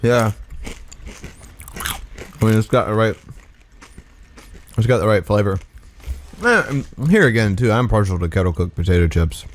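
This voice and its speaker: A man co-hosting a casual snack review, blunt and excitable, swearing freely as he gives opinions. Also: fairly low pitch, normal speed, pauses often.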